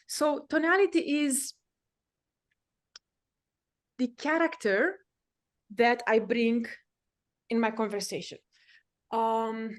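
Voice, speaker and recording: A woman's voice: fairly high pitch, a little slow, pauses often. A woman teaching a live voice-coaching lesson. She explains each point emphatically and changes her delivery to demonstrate. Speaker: speaking and voice coach.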